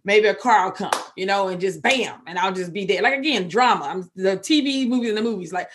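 A Texan woman telling her recovery story as a podcast guest, candid and emotional, with sudden loud outbursts. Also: mid-range voice, fairly quick, hardly any pauses. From Texas.

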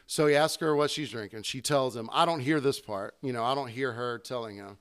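A man's voice: mid-range voice, brisk, a bit bright, smooth. A man who tends bar, co-hosting a casual podcast and telling customer stories full of swearing and laughter. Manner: profane, laughing, acts out customers. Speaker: bartender and podcast co-host. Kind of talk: casual bar chat, storytelling.

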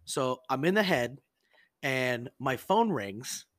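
A man's voice: mid-range voice, animated, slow, a bit bright, no room sound. A young man hosting a casual podcast, telling a rambling, profane story. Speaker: podcast host. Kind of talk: casual chat.

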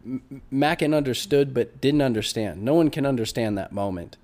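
A man's voice: medium pitch, moderate pace, a little mellow. A man co-hosting a casual chat, telling a long story with many false starts and asides.

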